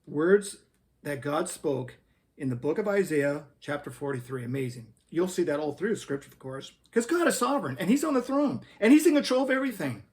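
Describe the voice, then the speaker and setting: A man hosting a Christian commentary video. He talks in an earnest, preacherly way and reads scripture aloud. His voice sits high and swings widely in pitch. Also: sing-song, a little fast, a little mellow. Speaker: host.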